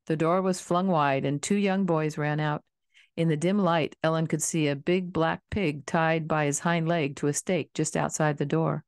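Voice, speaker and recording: A woman narrating a children's novel in a calm, steady storybook reading. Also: low voice, moderate pace, clear, resonant tone, no echo, clean studio sound. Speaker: audiobook reader.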